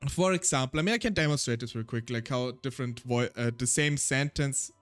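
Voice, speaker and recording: A man's voice: medium pitch, fairly quick, soft background music. A man with a German accent, a native German speaker, chatting casually on a solo stream in a rambling, self-deprecating way.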